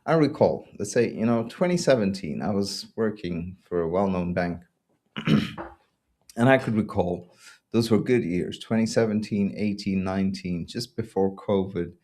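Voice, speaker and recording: A fairly low-pitched man hosts his own show and talks through it in a loose, sarcastic rant. He mocks what he criticises, breaks into laughter again and again, and keeps a casual, off-the-cuff tone. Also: expressive, normal speed, dark tone. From Belgium. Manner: ranting, sarcastic, laughs often. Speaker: podcast host. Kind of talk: casual opinion commentary.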